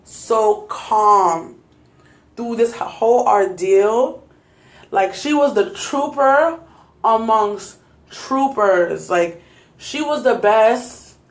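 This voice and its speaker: A woman's voice: mid-range voice, reverberant. A young adult woman vlogger, shaken and laughing nervously, retelling a scary night to her viewers on a phone. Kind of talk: casual storytelling to viewers.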